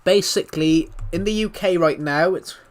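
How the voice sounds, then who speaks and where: A British man chatting on a live stream, his voice thick and a little worn from being under the weather. He talks calmly and evenly, often restarting his sentences, in a fairly high voice for a man. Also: moderate pace. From United Kingdom. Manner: calm, even talking with frequent restarts. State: slightly ill, thick voice. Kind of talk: casual live stream chat.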